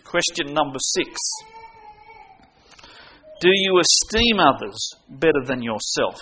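A man's voice: fairly high pitch, animated, takes it slowly, pushed and bright, a little hiss or hum. A man preaching a sermon, earnest, making his points with everyday stories and direct questions to the congregation.

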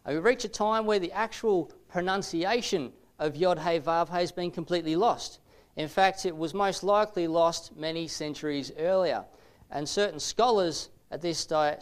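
A man with a slightly raised voice giving a lecture-style teaching talk. He explains things step by step at a measured pace, often filling pauses with "uh". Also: fairly high pitch, smooth. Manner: measured explanatory delivery with frequent "uh" fillers.

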